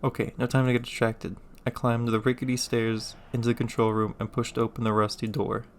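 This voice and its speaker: Deadpan man reading game text. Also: mid-range voice, fairly quick, a little hiss or hum. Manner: deadpan, joking asides. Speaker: gamer. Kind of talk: reading game text aloud with casual commentary.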